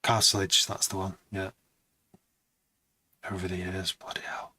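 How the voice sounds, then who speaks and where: A man's voice: deep voice, monotone, unhurried, pushed and bright, dry recording. A man producing music on a live stream, chatting to viewers in a rambling, casual way.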